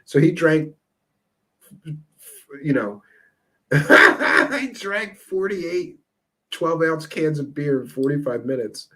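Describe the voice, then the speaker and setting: A man's voice: a little high, expressive, slow, pauses often, pushed and bright. A man hosting a live stream, chatting casually with viewers and telling rambling stories through laughter. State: tipsy. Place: Seattle area.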